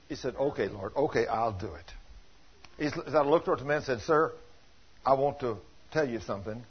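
A man preaching a sermon in a folksy, animated way, retelling conversations as stories. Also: fairly high pitch, brisk, slightly rough. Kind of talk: sermon storytelling. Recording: dull lo-fi recording.

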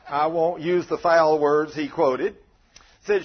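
A man, a pastor telling a folksy, animated story in a sermon, on a dull lo-fi recording. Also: on the high side, slow pace.

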